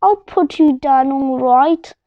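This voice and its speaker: A grumpy monster from a storybook who is obsessed with filing, as a woman reading aloud puts him on, growling his words out slowly and roaring at times. The voice sits quite high and the recording sounds dull and lo-fi. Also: no room sound. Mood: smug. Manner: slow growling roar.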